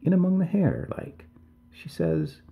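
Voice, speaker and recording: A man with a lowish, gravelly voice and big pitch swings, speaking at normal speed, plays a middle-aged village mother who is worried and tearful. She pleads deferentially, repeatedly addressing him as sir, and the audio sounds tinny, like a phone.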